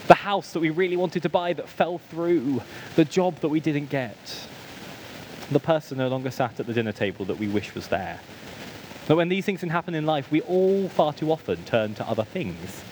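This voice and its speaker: A British man preaching in a church, telling personal stories with gentle self-mockery and lots of ums. His voice sits a little high and rises and falls freely. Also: lively intonation, normal speed, slight background noise, rough recording. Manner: self-deprecating, storytelling with humorous asides and frequent ums. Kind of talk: sermon.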